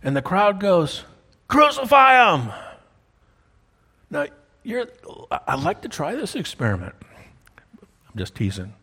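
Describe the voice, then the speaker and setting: Pastor, male, husky voice, storytelling sermon, keeps checking in with the congregation. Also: fairly high pitch, wildly swooping pitch, moderate pace, long pauses. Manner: storytelling, checks in with listeners often. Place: church sanctuary. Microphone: wears a clip-on mic.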